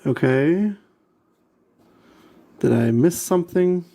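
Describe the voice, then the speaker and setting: Taking it slowly, this model-kit vlogger speaks in a fairly high, expressive, warm voice. He mutters his way through the build, exasperated and repeating himself, in casual assembly talk.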